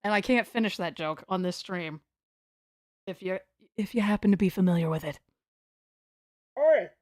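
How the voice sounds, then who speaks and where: Her mid-range voice has a darkish tone and a moderate pace as this US woman, sitting on her floor at home, rambles through casual livestream chat with playful self-mockery. The sound is clean studio quality with no room sound.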